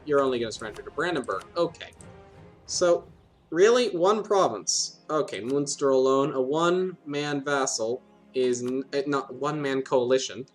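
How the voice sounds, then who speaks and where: A man giving rambling, playful commentary while playing a strategy game, talking to himself and laughing at his own jokes. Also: mid-range voice. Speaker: gaming video host.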